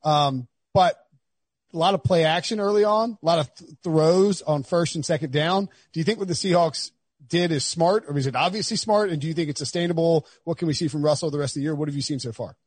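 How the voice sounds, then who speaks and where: A man's voice: on the high side, a little fast, husky, dry recording. A man hosting a sports podcast, talking casually and rambling a little, with jokey asides and frequent restarts. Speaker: podcast host.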